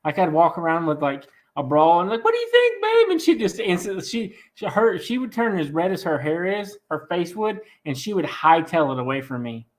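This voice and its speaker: A man with a raspy, slightly high voice chats loosely on a live stream. He jokes and teases, circling back with restarts as he goes. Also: lively intonation, moderate pace, hardly any pauses. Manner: joking, teasing, rambling with restarts. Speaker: host of a farm channel live stream. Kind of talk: casual live-stream chat.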